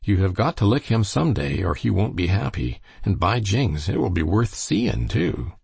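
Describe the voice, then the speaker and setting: Cheerful country farmhand talkin folksy, a man doing the voice, raspy edge. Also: fairly low pitch, very animated, moderate pace, darkish tone, dry recording, pitched above the performer's own voice, exaggerated voice. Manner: folksy, dialect speech. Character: cheerful young male hired hand.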